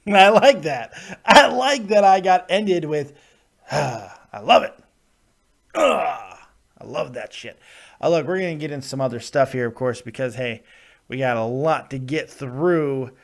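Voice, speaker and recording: A man's voice: fairly high pitch, lively intonation, measured pace, gravelly. A man hosting a live wrestling review show, ranting with lots of swearing and laughs, and he is coming down with a cold. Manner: ranting, profane, laughs often. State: getting sick, plugged ears. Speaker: podcast host.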